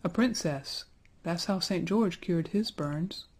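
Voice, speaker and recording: A brave, modest young man from a storybook, as a woman reads him. He speaks softly and earnestly in a low, husky voice with a dark tone. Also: slow.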